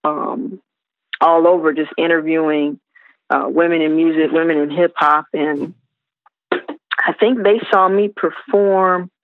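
A woman from South Carolina, a hip hop artist guest, telling stories in a relaxed, rambling way with many fillers. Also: fairly low pitch, no echo. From South Carolina, USA. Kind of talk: casual interview storytelling. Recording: tinny phone-line sound, dry.

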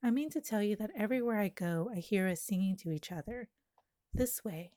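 Mellow woman reading a poem intimately. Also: medium pitch, no echo, clean studio sound. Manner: slow, lyrical, intimate delivery. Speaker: poet. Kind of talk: poetry reading.

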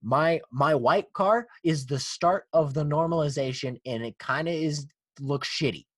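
A man's voice: on the high side, a little slow, slightly rough, no room sound. A man hosting a casual car podcast, swearing and laughing as he rants. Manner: profane, animated, laughing ranter. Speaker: podcast host.

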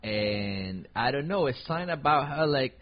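A man's voice: mid-range voice, normal speed. A man who is a guest on a casual podcast, telling stories in slangy talk full of fillers. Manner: animated, slangy storytelling with many fillers. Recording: dull lo-fi sound.

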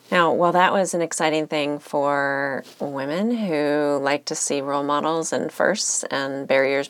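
Low-voiced woman hosting a podcast. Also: dry recording. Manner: earnest, explanatory. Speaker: podcast host. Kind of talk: solo podcast commentary.

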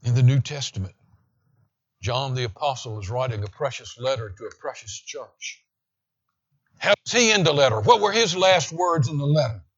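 A man preaching a sermon with emphasis, slowing down to read scripture aloud. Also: medium pitch, lively intonation, lo-fi sound. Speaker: pastor.

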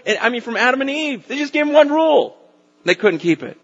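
A male pastor delivers an animated sermon in a slightly high voice. He acts out quoted lines of people and God as he preaches. The recording is dull and lo-fi. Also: fast.

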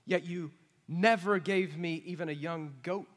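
A man's voice: mid-range voice, normal speed, lightly acted. A man voicing a bitter, resentful older son. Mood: indignant. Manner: loud, indignant, listing grievances. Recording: long reverb of a large hall.

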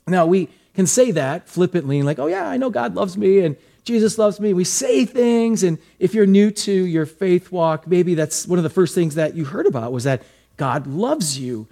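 A man's voice: on the high side, mellow. A male pastor preaching a sermon, telling a personal story with acted asides.

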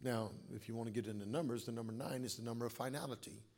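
A man preaching a sermon as pastor, calling on the congregation to answer back and swinging between shouts and hushed asides. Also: medium pitch, steady tone, racing, gravelly. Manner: preaching with call-and-response to the congregation.

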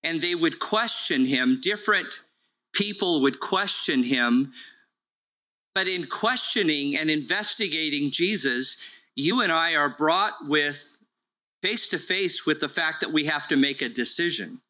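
Pastor, male, slow deliberate delivery, fairly high and bright voice, earnest preaching. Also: animated, rough recording. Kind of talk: sermon.

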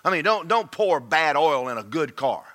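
A male pastor preaching a sermon, folksy and fervent, swinging from quiet asides to shouting. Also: on the high side, big pitch swings, normal speed.

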